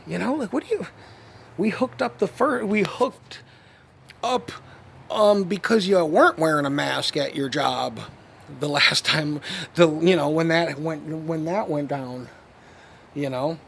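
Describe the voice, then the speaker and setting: Man, gravelly voice, slightly high pitch, rambling, profane, lots of fillers. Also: measured pace, a bit bright, a little hiss or hum. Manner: rambling and profane, fillers and repeated 'you know what I mean'. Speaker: vlogger. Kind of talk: rambling monologue to camera.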